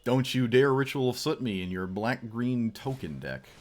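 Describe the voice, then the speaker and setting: A man's voice: medium pitch, lively intonation, normal speed, darkish tone. A man streaming a card game, giving playful, joking commentary and talking at his opponent. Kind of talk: casual gameplay commentary.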